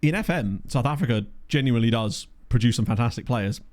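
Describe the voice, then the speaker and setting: A man's voice: medium pitch, lively intonation, a little fast, darkish tone. Chatty Englishman thinking aloud. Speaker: gaming video creator. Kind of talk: casual gameplay commentary. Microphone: desktop USB microphone.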